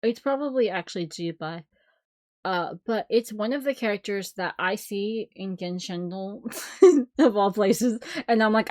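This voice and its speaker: A woman streamer reacts casually on a live stream, swinging between hushed remarks and bursts of loud, animated exclamation. Her voice sits in a middle range and sounds dry and close to the mic. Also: mid-range voice, measured pace, no echo. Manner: expressive, swearing, laughing often.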